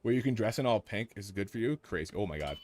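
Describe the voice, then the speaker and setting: A man streaming a game live, joking excitedly with his chat and teammates as he plays. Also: lowish voice, fast talker. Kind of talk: live gameplay commentary.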